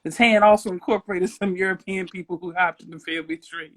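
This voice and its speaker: A woman's voice: on the low side, steady tone, fast talker, fairly bright tone. A young adult woman hosting a casual livestream interview, playful and rambling, breaking into giggles and silly sound effects. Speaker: host.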